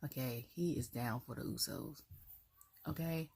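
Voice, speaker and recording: A low, gravelly woman talks through a wrestling show in a loose, chatty rant. Her voice is husky and rough, and she slips into quoted voices and breaks into laughter as she goes. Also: a little slow, darkish tone. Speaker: wrestling review vlogger. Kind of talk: casual solo rant.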